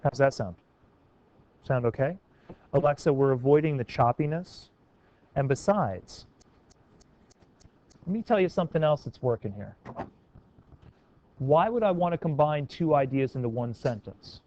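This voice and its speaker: A man's voice: medium pitch, animated, a little slow, pauses often, warm tone, dull audio. A man teaching a class, calling on students by name and coaxing them to try sentence revisions. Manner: encouraging, questioning students by name.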